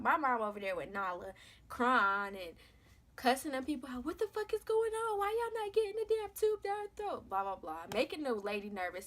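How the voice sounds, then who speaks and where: A woman's voice: medium pitch, bright, forceful tone. Emphatic young woman. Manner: emphatic, conversational, slangy, repeats phrases for stress. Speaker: vlogger, mother sharing her birth story. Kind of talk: candid storytelling to camera.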